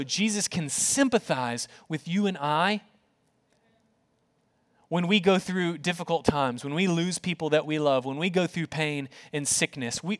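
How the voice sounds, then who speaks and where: A man's voice: fairly high pitch, fairly bright tone. Earnest man preaching a sermon. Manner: earnest, repeats words for emphasis. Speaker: pastor.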